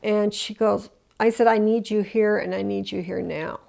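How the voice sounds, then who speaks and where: Gravelly-voiced older woman recounting. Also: mid-range voice, fairly even intonation, normal speed, darkish tone. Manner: emotional retelling with many restarts; acts out quoted voices. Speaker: interviewee. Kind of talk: oral history interview.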